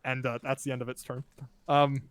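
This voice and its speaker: A man's voice: mid-range voice, level tone, a little fast, a bit bright, clean tone, no echo, clean studio sound. Casual man running a tabletop game. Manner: casual, counts out movement step by step. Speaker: game master.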